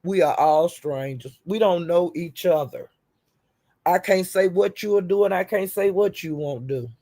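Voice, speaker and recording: A woman's voice: on the low side, unhurried, dark tone. A woman hosting her own livestream, telling stories in a profane, laughing, casual rant. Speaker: livestream host.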